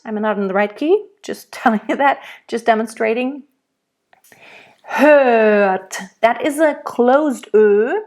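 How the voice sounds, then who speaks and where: A woman's voice: on the high side, normal speed, few pauses, darkish tone. A woman voice teacher giving a diction lesson for singers. She explains patiently, then demonstrates each word aloud with strongly stressed consonants. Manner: rolls and stresses German consonants in her demonstrations.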